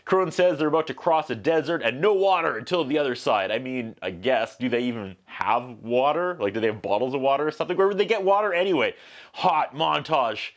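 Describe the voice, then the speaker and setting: A man's voice: medium pitch, lively intonation, fairly quick. A man recapping a film for a home video review, with sarcastic, joking asides. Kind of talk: comedic movie recap.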